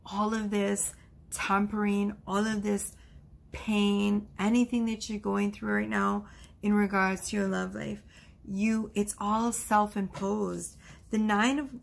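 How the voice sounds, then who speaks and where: Woman doing a chill tarot reading, chatty n reassuring, talks slow, bit of fry. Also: medium pitch. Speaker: tarot reader. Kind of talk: casual tarot card reading.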